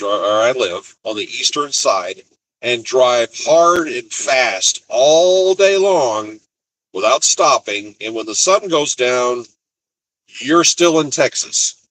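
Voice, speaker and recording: A man from Colorado chats and rambles through road stories, laughing easily as he goes. His voice is husky and sits at an ordinary middle pitch. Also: a bit bright, no echo, rough recording. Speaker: truck driver vlogger. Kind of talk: casual storytelling.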